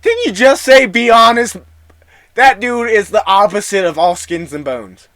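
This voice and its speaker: A fan voice actor voicing a chatty young woman in a much higher voice. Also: big pitch swings, measured pace, no room sound. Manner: bright, chatty, high-pitched. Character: cheerful young female spirit medium. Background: music.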